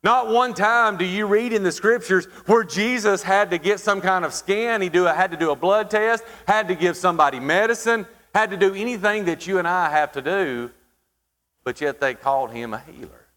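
A man preaching a sermon, asking the congregation questions and pausing for emphasis. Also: high-pitched, fairly bright tone. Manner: preaching with rhetorical questions and dramatic pauses. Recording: hall reverb.

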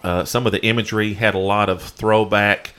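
A man's voice: fairly low pitch, flat delivery, fairly quick, fairly bright tone. A man co-hosting a podcast, chatting casually in a rambling way. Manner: rambling, many fillers and restarts. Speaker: podcast co-host.

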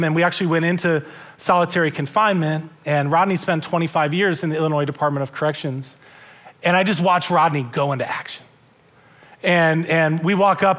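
A man's voice: sits high, fairly bright tone. A male pastor delivering a church sermon in an earnest way, often repeating and restarting words.

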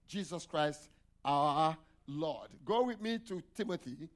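A man's voice: fairly high pitch, lively intonation, takes it slowly. A male pastor preaching a sermon, asking the congregation questions for them to answer aloud and dropping in hallelujahs and amens. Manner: call-and-response questions to the congregation.

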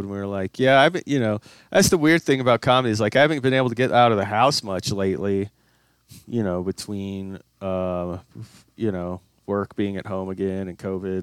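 A man's voice: lowish voice, brisk, smooth, no echo, studio quality. A young man co-hosting a casual comedy podcast, rambling through a story with plenty of fillers and casual swearing. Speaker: podcast co-host.

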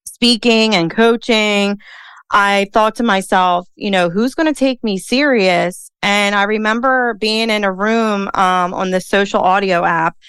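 A woman's voice: medium pitch, measured pace, a bit bright, clean tone, no echo. A woman with a Philadelphia accent hosting a casual podcast conversation, chatty and peppered with "like" and "you know.". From Philadelphia, USA. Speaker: podcast host and coach.

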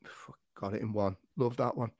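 A man's voice: fairly low pitch, fairly even intonation, moderate pace, darkish tone, no echo, studio quality. A man hosting a casual podcast, joking, swearing and laughing often as he runs a quiz. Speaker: podcast host. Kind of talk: casual chat.

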